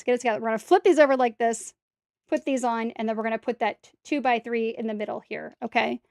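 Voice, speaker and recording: A woman's voice: fairly high pitch, darkish tone, dry recording, studio quality. A woman streaming herself building a brick set, chatting casually to viewers and talking to herself as she corrects mistakes. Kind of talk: casual step-by-step build commentary.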